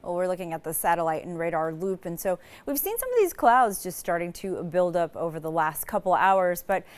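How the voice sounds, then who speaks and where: A woman's voice: on the low side, lively intonation, a little fast. A woman meteorologist giving a live TV weather forecast in a casual, rambling way, starting many sentences with "so" and restarting a few phrases.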